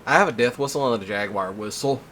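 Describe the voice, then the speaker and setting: A man hosting a casual chat, telling stories in an animated way, laughing often and swearing freely. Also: mid-range voice, fast, a little hiss or hum. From Mississippi. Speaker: host.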